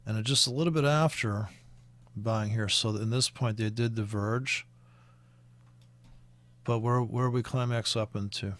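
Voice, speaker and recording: A man's voice: fairly low pitch, fairly bright tone. A man with a Canadian accent talking through currency charts in a casual, rambling way, with many fillers and restarts. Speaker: forex trading commentator. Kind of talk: casual screen-share chart walkthrough.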